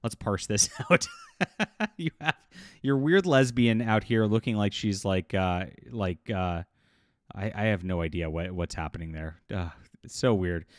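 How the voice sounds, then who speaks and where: A man's voice: fairly low pitch, a little slow, no echo, studio quality. Scornful male video commentator. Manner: scornful, mocking, laughs often, many fillers. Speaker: YouTube commentator. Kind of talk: casual commentary vlog.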